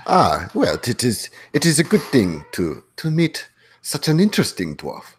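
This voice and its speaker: A man's voice: mid-range voice, wildly swooping pitch, moderate pace, a little hiss or hum. A man voicing a jovial, swaggering female cat-folk duelist who speaks in a formal, slightly stilted way. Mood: courtly, amused.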